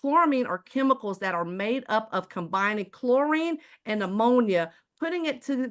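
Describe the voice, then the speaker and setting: A woman's voice: on the high side, a bit bright. Emphatic Texan woman presenting live. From Houston, Texas. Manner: emphatic, rhetorical questions, addresses audience directly. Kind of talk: live online sales presentation.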